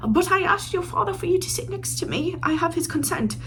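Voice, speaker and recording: A man's voice: extremely high pitch, lively intonation, brisk, bright, forceful tone, slight background noise, voice pushed up, heavily acted. A woman voicing an eager, awkward young nobleman suitor who pleads in a flustered way. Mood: pleading.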